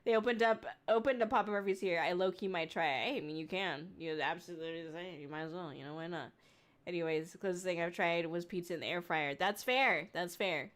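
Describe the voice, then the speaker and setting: A woman's voice: fairly low pitch, fairly quick. A young woman streamer chatting casually with her viewers, laughing often and swearing now and then.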